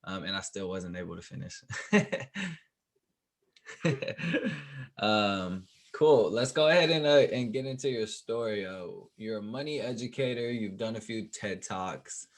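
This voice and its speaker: Tired guy hosting a podcast, lower voice, laid back, says yeah a lot. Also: moderate pace, few pauses. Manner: relaxed, repeats words, laughs often. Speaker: podcast host. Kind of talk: casual podcast interview.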